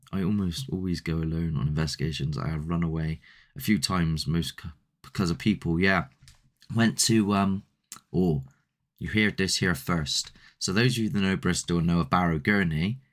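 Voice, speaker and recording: A man hosting a paranormal channel, rambling and chatty as he answers viewer comments in a casual live stream. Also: deep voice.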